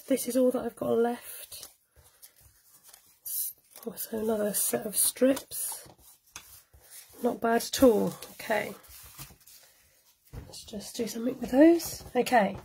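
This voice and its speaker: A friendly woman talks viewers through a live cardmaking tutorial, chatting and laughing as she works. Her voice sits a little high but has a soft, mellow tone. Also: unhurried, vocal fry, long pauses, a little hiss or hum, poor audio. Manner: chatty, laughs often, greets viewers by name. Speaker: cardmaking demonstrator. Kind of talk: live-streamed craft tutorial.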